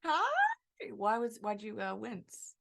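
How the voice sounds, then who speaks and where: A woman's voice: medium pitch, expressive, takes it slowly, creaky. A woman co-hosting a podcast, making wry, dry remarks in casual chat. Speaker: podcast co-host.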